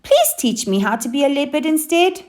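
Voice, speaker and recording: A woman voicing a whiny, eager young female hyena in a storybook reading, pleading in a high, loud voice. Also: big pitch swings, normal speed.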